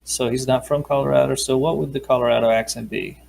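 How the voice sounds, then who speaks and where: A man's voice: medium pitch, steady tone, fast talker, creaky, a little mellow. A man playing a tabletop game, chatty and enthusiastic. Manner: chatty, enthusiastic, says dude. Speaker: player. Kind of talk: casual chat at a tabletop game.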